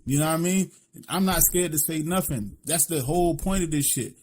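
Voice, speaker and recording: This man from Philadelphia has a voice on the high side and a brisk delivery. Co-hosting a podcast, he speaks bluntly and profanely in his Philly accent, forever tossing in "you know what I'm saying."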